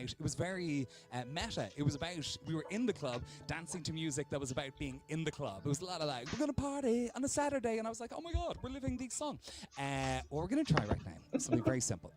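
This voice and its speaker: A young Irish man with an Irish accent, a comedian hosting a charity stream with rambling, playful stand-up banter. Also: fairly high pitch. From Ireland. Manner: rambling, self-interrupting, playful.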